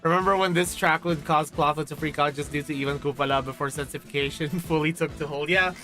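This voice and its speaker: A man's voice: fairly high pitch, steady tone, fast, sharp tone, faint music behind. A man casually commenting on a game story with joking asides. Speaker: let's-play streamer.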